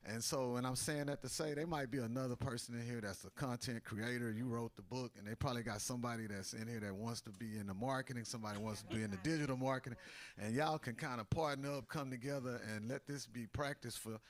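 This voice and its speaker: A middle-aged man, speaking on a student panel in a fast, emphatic and colloquial way. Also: mid-range voice, steady tone. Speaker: music business panelist.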